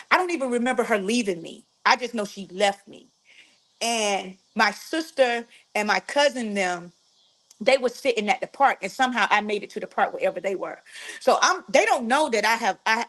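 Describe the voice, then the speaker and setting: A woman, telling a personal story to her followers in an animated, frank way, full of slang and cursing. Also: on the high side.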